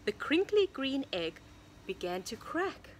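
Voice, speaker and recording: A woman's voice: high voice, sing-song, a little slow, a little hiss or hum. Sing-song woman reading to little kids. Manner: sing-song storybook voice with hushed asides to young listeners. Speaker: preschool teacher. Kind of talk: reading a picture book aloud to children. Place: home or classroom, recording online lesson.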